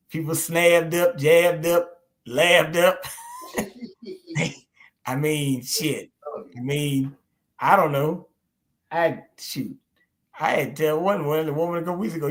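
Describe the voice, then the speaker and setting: A middle-aged man hosting a casual chat, telling stories in a laid-back, drawling way and laughing often. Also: on the high side. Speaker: host.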